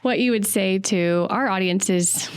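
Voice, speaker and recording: A woman hosting an interview podcast who asks long, wordy questions and affirms her guests with quick interjections. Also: medium pitch, smooth, dry recording. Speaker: podcast host.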